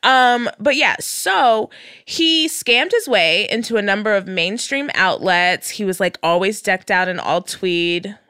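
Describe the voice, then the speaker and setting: A young woman hosting a casual comedic podcast chat, animated and jokey. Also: mid-range voice, a little slow, smooth, no room sound, clean studio sound. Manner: animated, jokey, puts on voices for quotes. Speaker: podcast host.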